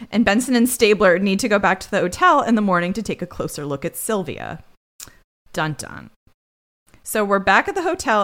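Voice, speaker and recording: A woman's voice: lowish voice, a bit bright. A woman co-hosting a podcast in casual chat, chatty and playfully ironic. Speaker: podcast co-host.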